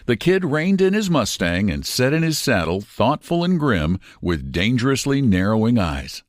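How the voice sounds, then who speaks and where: Brief: male narrator, expressive storybook reading, lively intonation, dry close mic. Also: mid-range voice, normal speed, no echo.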